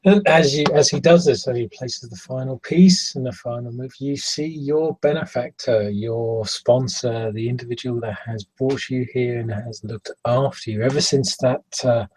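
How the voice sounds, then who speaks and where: Halting husky male game master. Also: medium pitch, a little mellow, low-quality recording. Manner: halting, searching for words. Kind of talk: narrating a tabletop game.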